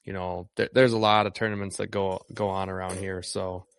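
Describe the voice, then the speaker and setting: A man's voice: sits low, level tone, brisk, clear, resonant tone, no room sound. A fishing guide from Northeast Wisconsin, a man talking casually in an interview and rambling with many ums and restarts.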